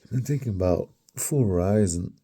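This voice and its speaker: A man's voice: fairly low pitch, expressive, normal speed, dark tone, slightly rough. A man in his fifties with a sore throat, rambling in a meandering personal monologue that drifts into mutters and whispers. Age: 50s. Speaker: vlogger.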